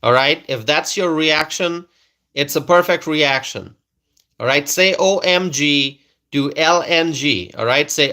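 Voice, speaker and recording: A man's voice: fairly high pitch, pushed and bright. A man hosting a casual political livestream, reading viewer comments aloud, emphatic and repetitive, often asking his audience questions. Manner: slow, emphatic, repeats phrases and asks the audience questions.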